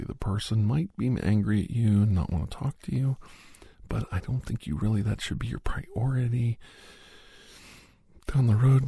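A man's voice: low-pitched, vocal fry, warm tone, slightly rough, dry recording, clean studio sound. A man talking casually and at length, giving advice in a rambling, conversational way and acting out quotes. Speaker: advice giver.

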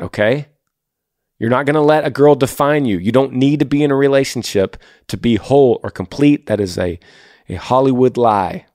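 A man's voice: medium pitch, darkish tone, dry recording, studio quality. A man hosting an advice podcast, talking earnestly and directly to a listener, often repeating his words for emphasis. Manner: earnest, repeats phrases, talks straight to listener. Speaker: podcast host.

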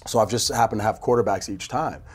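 A man telling stories in a casual podcast chat, animated and laughing often, acting out what people said. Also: fairly low pitch, fast talker, husky. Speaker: team PR executive telling stories. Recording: phone interview audio.

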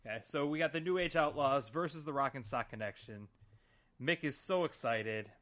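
A man's voice: mid-range voice, moderate pace, a bit bright. A man co-hosting a podcast, recapping episodes in casual chat with dry, easygoing storytelling. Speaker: podcast co-host.

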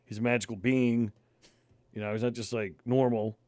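A man's voice: mid-range voice, steady tone, normal speed, a little mellow, no room sound. Profane storytelling podcast man, dry sound. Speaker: podcast co-host. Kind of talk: casual chat.

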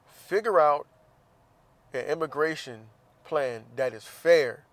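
A man's voice: on the high side, lively intonation, slow, no room sound. A man from the United States in a casual talk, swearing freely and laughing often as he speaks with passion. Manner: profane, impassioned, laughs often.

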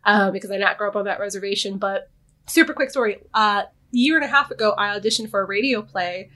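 A woman speaking as a podcast guest in casual chat, unhurried and thoughtful, laughing easily. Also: medium pitch, pushed and bright.

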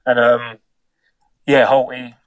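With a mid-range voice and a slow pace, a middle-aged Englishman who used to play football spins a casual anecdote, acting out its quotes with animated storytelling. There's no echo on the recording.

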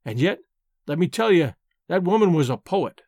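A man's voice: fairly high pitch, expressive, moderate pace, darkish tone, dry recording, clean studio sound. A man reading an old male drinker who tells a wistful yarn in an earnest, solemn way, for an audiobook.

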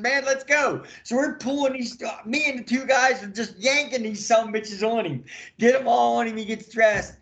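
An older man with a notably high voice recounts old wrestling tales in a relaxed interview. He acts out what everyone said, bouncing between voices as he goes. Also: normal speed. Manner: animated storyteller acting out quotes. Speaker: guest, former wrestler. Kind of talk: casual storytelling interview.

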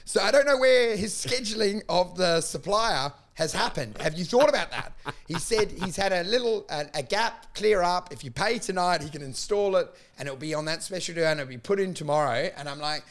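Animated, high-pitched man. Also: brisk. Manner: animated storytelling, swearing, frequent laughing. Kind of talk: casual chat.

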